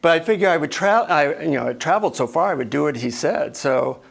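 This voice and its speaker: A man delivers a motivational keynote on stage, telling stories full of lively voiced asides. His voice is gravelly and sits a little high for a man, and he moves easily from plain telling into acted-out moments. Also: brisk. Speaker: keynote speaker. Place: stage before an audience.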